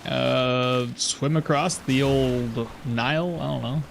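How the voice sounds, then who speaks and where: A man's voice: mid-range voice, steady tone, slow, gravelly, slight background noise. A man streaming a game and chatting casually, joking and laughing often between rambling asides. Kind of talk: casual live gameplay commentary.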